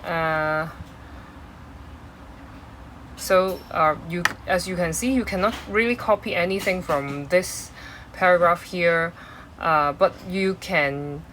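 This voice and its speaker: A woman's voice: on the low side, slow, pauses often, noisy background. A woman teaching an exam-prep English lesson, explaining step by step with many fillers and restarts.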